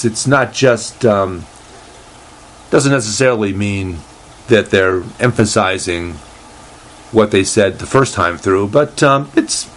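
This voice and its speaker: A man with a fairly low voice hosts a casual solo talk show, reading aloud haltingly with lots of fillers and restarts. His humor is dry and deadpan.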